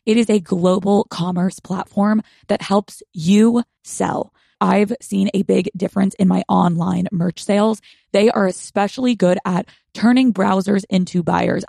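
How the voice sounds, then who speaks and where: A woman reading a sponsor ad in a breezy way, slowing down to spell out the web address. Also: mid-range voice, vocal fry, a little mellow, dry recording, clean studio sound. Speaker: podcast host reading an ad. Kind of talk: sponsor read.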